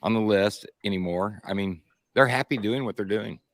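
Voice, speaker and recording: A man chatting casually as co-host, relaxed and wry. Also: on the low side, normal speed, dry recording, studio quality. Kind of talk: casual chat.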